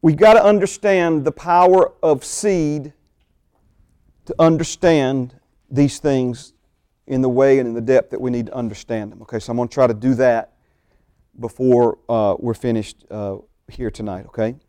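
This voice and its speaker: A man preaching a sermon, slowing down to stress key phrases and dropping into quick, low asides to the congregation. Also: steady tone, dark tone, smooth, dry recording, studio quality. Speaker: pastor. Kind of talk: sermon teaching.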